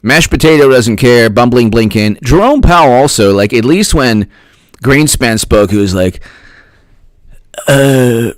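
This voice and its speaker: A man talks straight into a close mic on a livestream, his pitch swinging widely as he fires off rhetorical questions and repeats himself for emphasis. The sound is dry and close, with no room around it. He stops often to thank viewers by name. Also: expressive, a little slow, no echo. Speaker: political commentary livestream host. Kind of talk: casual livestream commentary, reading chat.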